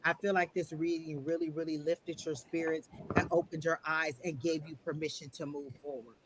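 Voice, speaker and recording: A man gives a live online tarot reading in a gentle, reassuring way and often circles back over the same phrases. His voice sits a little high for a man. A faint hiss of noise runs underneath. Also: steady tone, moderate pace. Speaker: tarot reader and psychic.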